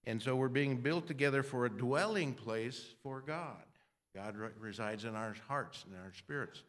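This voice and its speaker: A man's voice: medium pitch, normal speed, fairly bright tone. Older male preacher, loose rambling sermon delivery, frequent restarts. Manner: rambling, self-deprecating, frequent restarts and throat clearing.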